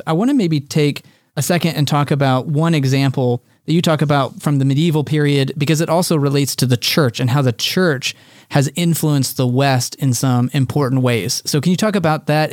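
A man's voice: medium pitch, darkish tone, no echo. Thoughtful male host, dry close sound. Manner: thoughtful, thinking aloud while framing questions. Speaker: podcast host. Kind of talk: casual interview talk.

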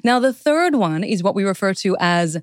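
A woman's voice: mid-range voice, expressive, moderate pace. A woman talks as a guest in an interview. She explains her points earnestly and in ordered steps. The sound is close and dry, with no room echo. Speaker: guest author. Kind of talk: interview conversation.

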